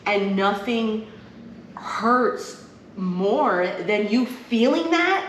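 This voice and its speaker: A woman's voice: a little high, lively intonation, very slow. A woman co-hosting a podcast, telling personal stories in an earnest, open, emotional way. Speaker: podcast co-host. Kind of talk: casual chat. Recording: echoey room, faint noise.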